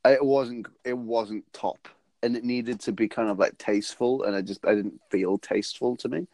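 A man's voice: medium pitch, fairly even intonation, moderate pace, darkish tone, dry recording. A man co-hosting a podcast, chatting casually and telling rambling, jokey stories with frequent laughs. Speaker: podcast co-host. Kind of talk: casual chat.

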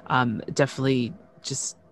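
A woman's voice: a bass voice, steady tone, moderate pace, a little hiss or hum. A woman co-hosting a podcast in casual chat, bubbly and laughing often, with lots of "you know" and "like". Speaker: podcast co-host.

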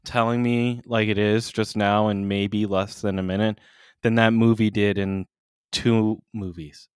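Low, smooth-voiced man co-hosting a podcast. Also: little pitch movement, a little slow, dry recording, studio quality. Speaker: podcast co-host. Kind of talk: casual chat.

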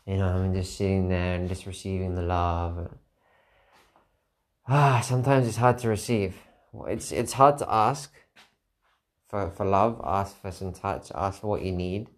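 Tired man rambling candidly, low voice. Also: fairly even intonation, a little slow. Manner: candid, rambling, repeats phrases for emphasis. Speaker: podcast host. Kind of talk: reflective solo monologue.

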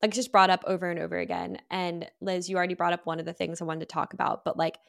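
A woman's voice: on the low side, little pitch movement, fast talker, creaky. A woman co-hosting a podcast, chatting casually and steering the discussion along. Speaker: podcast co-host. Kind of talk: casual chat.

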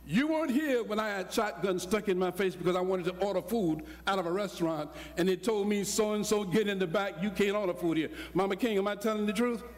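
An older man preaching a sermon, telling a story with acted-out dialogue and rising to shouts. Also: sits high, brisk, hardly any pauses. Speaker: pastor. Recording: long hall reverb.

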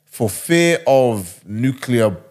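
A man's voice: medium pitch, animated, drawn-out words, darkish tone. A man casually retelling a wild story, rambling and slangy.

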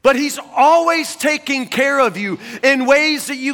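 A man's voice: extremely high pitch, measured pace, pushed and bright, big-room sound, soft background music. A man preaching a sermon as a pastor, talking conversationally and often stammering into restarts.

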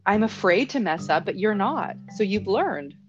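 A woman hosting a podcast, chatting and explaining things in a relaxed way, laughing easily. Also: mid-range voice, normal speed, muffled recording, soft background music. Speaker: podcast host. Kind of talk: casual podcast chat.

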